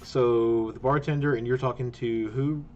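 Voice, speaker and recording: A man's voice: medium pitch, fairly even intonation, normal speed, a little mellow, muffled recording, slight background noise. A man narrating a tabletop game as game master, chatty, with many fillers and frequent laughs.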